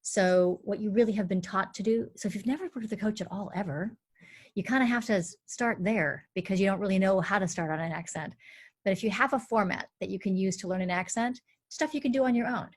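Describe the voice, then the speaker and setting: A woman dialect coach speaks on a live online panel. She sets out her points in clear steps, with a lively, engaged delivery. Her voice sits at a middle pitch. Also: brisk.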